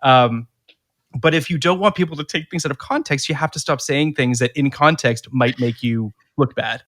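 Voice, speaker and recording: A man's voice: medium pitch, normal speed, a bit bright. A man hosting a podcast, talking casually and opinionatedly, often restarting his sentences and repeating words. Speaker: podcast host.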